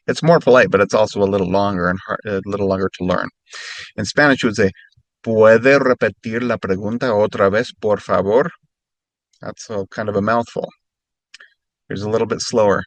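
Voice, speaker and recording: A man teaching phrases as a language lesson, speaking slowly and carefully and repeating each phrase more slowly. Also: fairly low pitch, no room sound. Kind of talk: instructional narration.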